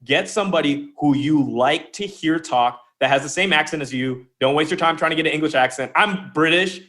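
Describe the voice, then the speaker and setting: Playful male guest, slightly high voice. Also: fairly quick, a bit bright. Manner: playful, demonstrative, shifts voice to illustrate. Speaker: podcast guest, author. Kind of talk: casual conversational interview.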